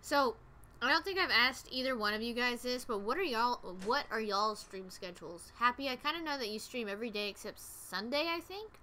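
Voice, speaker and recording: Excitable woman streamer, casual game commentary, bright tone. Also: on the high side, brisk, slight background noise. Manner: chatty, excitable, talks to viewers.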